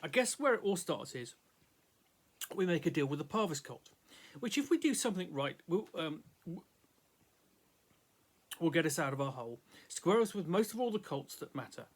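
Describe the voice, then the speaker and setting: A man's voice: fairly high pitch, sing-song, moderate pace, pauses often, husky, exaggerated voice. A man reading aloud voices a laconic, plain-spoken male adventurer telling his tale. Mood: matter-of-fact.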